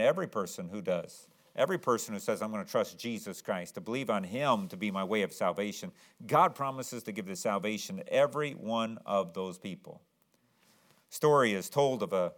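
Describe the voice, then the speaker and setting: A man delivers a sermon, telling an illustration story in an earnest, conversational way. At excited moments his pitch rises sharply.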